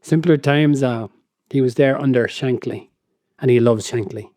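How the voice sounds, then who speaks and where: Brief: male podcast co-host, mellow tone, dry close sound, curious and quick to laugh. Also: medium pitch, no echo. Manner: curious, laughs often, retells stories. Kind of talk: casual chat.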